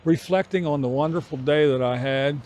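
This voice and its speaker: A middle-aged man vlogging on an evening walk outdoors, musing in an unhurried way with pauses between phrases. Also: on the high side, darkish tone. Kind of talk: reflective walking vlog chat.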